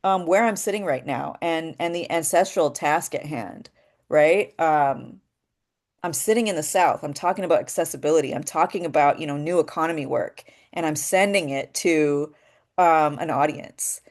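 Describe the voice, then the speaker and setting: A woman speaks in a somewhat low voice, earnest and unhurried. She gives a reflective talk on voice work in spiritual terms and keeps checking in with a soft rhetorical question. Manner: earnest, often asks a rhetorical "right?". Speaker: voice actor and workshop speaker.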